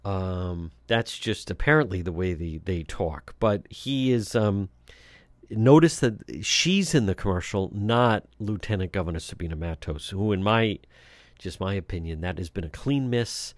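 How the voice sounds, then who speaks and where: A man's voice: sits low, lively intonation, normal speed, dry recording. A man hosting talk radio, giving blunt, scornful political commentary with frequent fillers and restarts.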